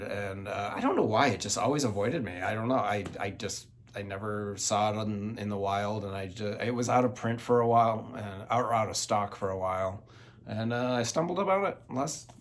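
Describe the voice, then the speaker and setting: A man with a somewhat low voice talks through his latest record haul in a loose, unscripted way. He gets excited, trips over his words, restarts sentences and fills the gaps with ums and uhs. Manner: enthusiastic, rambling, with frequent restarts and fillers. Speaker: vinyl collector channel host. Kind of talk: casual record-haul chat.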